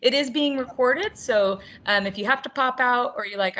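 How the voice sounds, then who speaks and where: A woman's voice: medium pitch, moderate pace, few pauses, sharp tone. A woman hosting an online roundtable for teachers over a video call, upbeat and chatty with frequent laughter. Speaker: webinar host.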